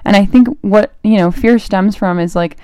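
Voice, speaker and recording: A young woman in college hosting a casual faith talk, chatty and animated, with lots of "like" fillers. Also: medium pitch, smooth, no room sound, clean studio sound. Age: young adult, college student. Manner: chatty and animated, full of "like" fillers, quick laughs. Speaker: podcast host.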